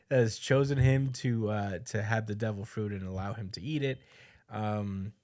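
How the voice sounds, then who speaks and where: A man co-hosting a podcast, casually recapping a chapter with lots of fillers and quick put-on quotes. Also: lowish voice, darkish tone. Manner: loose storytelling with fillers, voices quotes. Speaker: podcast co-host.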